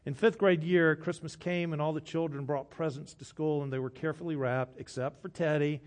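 A man, a pastor delivering a sermon who tells a story and drops to a hush for quoted lines. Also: on the high side, steady tone, brisk.

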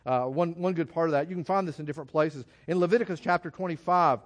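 A man delivers a sermon in a high voice. His delivery is folksy and halting, full of restarts as he works his way through each point. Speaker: preacher.

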